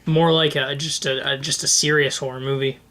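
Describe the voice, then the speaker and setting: A man's voice: medium pitch, level tone, bright, forceful tone. A young man co-hosting a comedy advice podcast, chatting casually and often stopping to restart his sentences. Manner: halting, many restarts and fillers. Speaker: podcast co-host.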